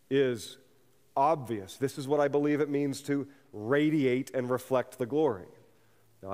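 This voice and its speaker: A man's voice: medium pitch, darkish tone. A man preaching a sermon as a pastor, earnest and building to fervent emphasis. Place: church sanctuary. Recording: long reverb of a church hall.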